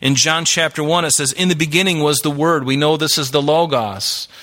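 A man's voice: on the high side, brisk, pushed and bright. A man preaching a sermon in a church, explaining scripture in an earnest, teaching way. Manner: earnest, explains Greek words, quotes scripture. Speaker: pastor. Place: church hall with live audience.

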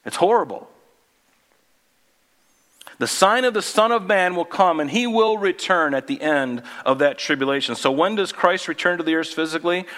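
A male pastor preaching a sermon in a conversational way, asking the congregation questions and dropping low and quiet for emphasis. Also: normal speed.

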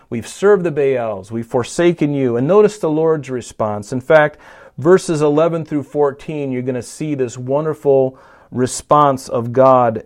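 A man's voice: medium pitch, a little mellow. Man preaching a Bible study. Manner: conversational teaching with frequent restarts and rising emphasis. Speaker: pastor. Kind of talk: expository sermon.

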